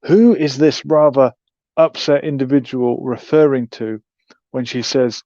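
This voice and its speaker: A man's voice: mid-range voice, steady tone, measured pace, mellow, no room sound, muffled recording. A man hosting a livestream, musing with wry, sarcastic commentary. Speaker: host.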